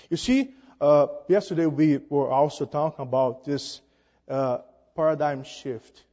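A man preaches with a high voice, emphatic and prone to halting fillers. His voice climbs on each rhetorical question. The recording is dull and sits in long hall reverb. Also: dark tone. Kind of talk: sermon.

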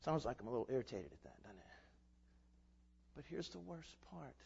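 A man preaching a sermon in a church, lively and emphatic, moving between loud declarations and quiet asides. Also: medium pitch, a little fast, vocal fry, husky. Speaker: pastor. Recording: dull sound with long hall reverb.

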